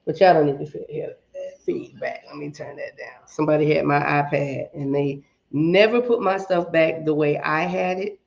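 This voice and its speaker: On a casual livestream, a woman chats with her viewers and greets each one by name, her deep, gravelly voice a little shaky. She keeps a moderate pace and fairly even intonation with few pauses. The highs are cut off, since she's recording on an iPad and phone held at arm's length.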